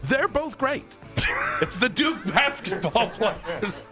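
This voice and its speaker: A man hosting sports radio, ranting loudly and joking with his co-host. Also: sits high, slow pace, soft background music. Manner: loud, animated ranting with comic bits.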